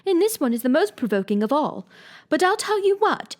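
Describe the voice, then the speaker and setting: A polite, wondering little girl in a storybook, speaking earnestly in a fairly high, lively voice, as a woman reading aloud puts her on. Her questions sound sincere and well-mannered. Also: brisk.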